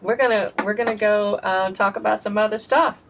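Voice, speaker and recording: A woman's voice: mid-range voice, fairly even intonation, a little fast. A woman hosting a casual interview, chatty and exuberant. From United States. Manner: warm-hearted, exuberant, chatty. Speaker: host. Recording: distant mic with faint room noise.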